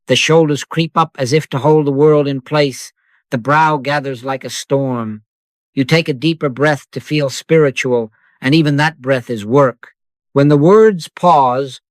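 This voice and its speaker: Male spiritual teacher, slow measured sermon delivery, short solemn phrases, dry close sound. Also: mid-range voice, no echo. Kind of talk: scripted meditative sermon.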